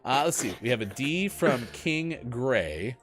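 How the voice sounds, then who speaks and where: A man's voice: medium pitch, measured pace, soft background music. A man hosting a casual morning gaming show, joking and reading out chat messages. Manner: joking, lively, reads chat aloud. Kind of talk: casual live-stream banter.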